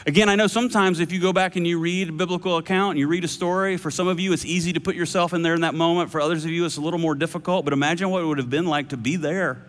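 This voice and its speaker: A man preaching a sermon, animated and playful with shifting voices. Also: on the high side, very fast, few pauses. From United States. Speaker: pastor. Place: large church hall. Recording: long hall reverb.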